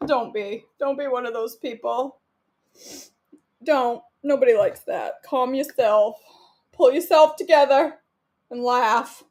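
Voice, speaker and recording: A woman's voice: on the high side, slow pace. A woman, chatting and joking to herself while she cooks for her vlog. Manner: giggly, joking, talks to herself. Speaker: cooking vlogger. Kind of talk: casual chat while cooking.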